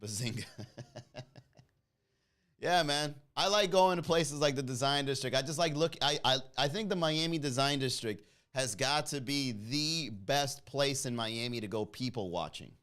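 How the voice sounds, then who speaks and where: A man hosting a comedy podcast, telling a story in a casual, animated way, acting out the people in it and laughing at his own jokes. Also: a little slow, smooth. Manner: animated, acts out quoted voices with big pitch jumps.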